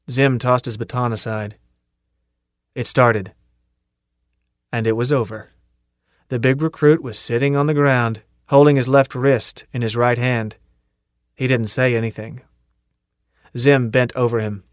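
A man narrating an audiobook in a measured first-person storytelling manner. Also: medium pitch, no room sound, clean studio sound.

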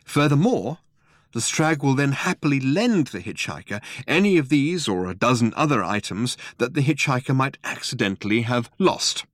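A man narrating a comic novel in a wry, expressive way. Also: medium pitch, normal speed, dry recording, studio quality. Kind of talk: audiobook narration.

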